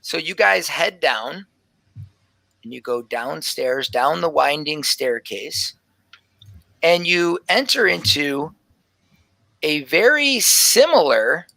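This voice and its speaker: Male game master, mid-pitched, bright and gravelly, narrating a tabletop scene casually. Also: lively intonation, slow pace, pauses often, dry recording, low-quality recording. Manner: loose, filler-heavy description.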